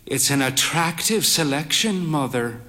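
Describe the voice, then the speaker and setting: A fey, whimsical man in late middle age, as a male storyteller plays him, with a droll, playful delivery that drifts into crooning. His voice is bright and lively in this spoken story. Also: fairly high pitch, unhurried.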